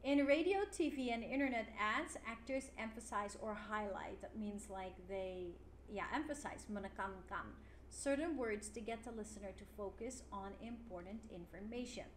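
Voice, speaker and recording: A woman's voice: mid-range voice, normal speed, few pauses. Woman teaching English in a roomy space. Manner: clear, encouraging, with frequent 'yeah' fillers. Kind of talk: recorded online English lesson. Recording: roomy with faint noise.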